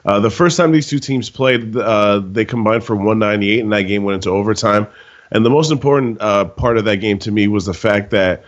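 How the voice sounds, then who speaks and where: Low-voiced man, losing his voice. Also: fairly quick, lo-fi sound. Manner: stat-heavy, methodical. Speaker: sports betting analyst. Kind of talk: betting picks breakdown.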